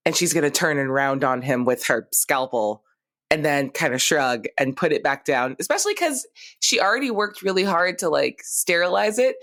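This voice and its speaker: A woman's voice: low voice, animated, moderate pace, a bit bright, dry recording, studio quality. A woman player at a tabletop game, casually describing her character's actions.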